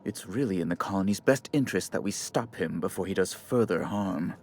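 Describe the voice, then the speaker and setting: A man's voice: sits low, animated, a little fast. An actor voicing a fussy, condescending male corporate bureaucrat in a video game, with a prim, theatrical delivery. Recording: soft game music behind.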